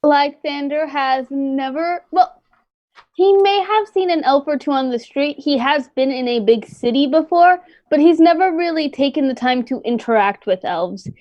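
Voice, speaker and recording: A woman's voice: high-pitched, moderate pace, no echo. A woman player easily describing her character's past in a tabletop game. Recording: dull lo-fi audio.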